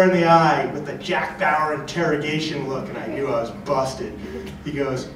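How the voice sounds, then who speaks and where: Man storyteller, slightly high voice, live slam, heard from far off in a booming hall. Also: fairly even intonation, moderate pace. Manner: chatty, lots of filler words. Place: large convention hall. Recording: echoey hall from far off, background noise.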